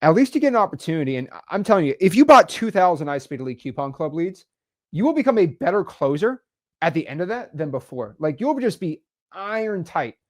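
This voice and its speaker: A young man hosting a casual podcast chat, energetic and emphatic, full of slang. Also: fairly high pitch, a little fast. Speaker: podcast host, real estate investor.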